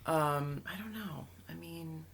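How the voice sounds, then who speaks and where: A woman's voice: low-pitched, takes it slowly, creaky, a bit bright, breathy edge. A woman co-hosting an advice podcast, chatting bluntly and laughing often. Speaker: podcast co-host. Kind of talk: casual frank chat.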